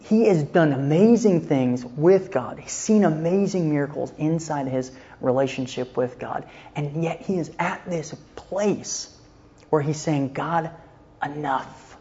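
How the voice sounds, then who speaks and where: A man's voice: a little high, measured pace. Chatty man teaching a church class, lo-fi. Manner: relaxed and chatty, checks in with "okay?" often; retells scripture scenes in everyday speech. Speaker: Christian counseling teacher.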